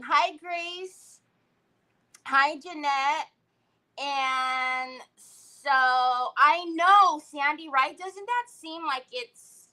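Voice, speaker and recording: A woman's voice: fairly high pitch, pushed and bright. A woman hosting a crafting livestream, chatting casually and greeting viewers by name as she works.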